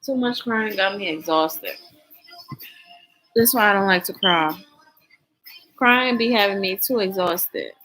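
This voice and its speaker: A woman's voice: medium pitch, a little slow, long pauses, pushed and bright, soft background music, poor audio. A young woman vlogging her reactions to videos, tearful and worn out from crying, rambling and repeating herself in casual chat.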